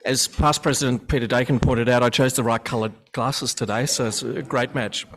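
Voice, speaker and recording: A man, the club president, chairs a meeting in a hotel function room, speaking haltingly with fillers and restarts. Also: medium pitch, steady tone, a bit bright. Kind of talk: meeting emcee.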